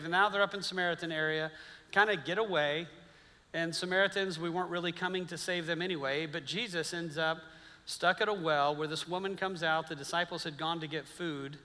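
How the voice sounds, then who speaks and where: Man, 50s, pastor; casual storytelling sermon, high-ish bright voice, reverberant hall. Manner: conversational storytelling, acts out quoted voices, jokes and asides.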